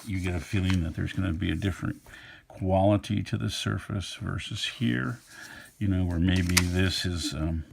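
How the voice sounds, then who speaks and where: A middle-aged man, an art instructor, talks in an easygoing, musing way, thinking aloud as he sketches in a relaxed drawing tutorial. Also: low-pitched, normal speed, gravelly, slightly rough.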